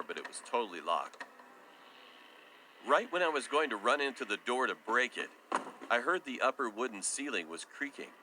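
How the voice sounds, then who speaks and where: Deep, bright-toned man narrating horror. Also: slight background noise. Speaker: story narrator. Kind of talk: scripted first-person horror storytime narration.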